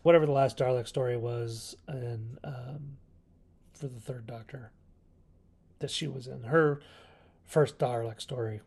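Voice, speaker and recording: This man speaks with a mid-range, husky, darkish voice, steady and a little slow, leaving long pauses. Hosting his own video channel, he rambles casually through a review of a classic TV serial, chuckling and correcting himself often.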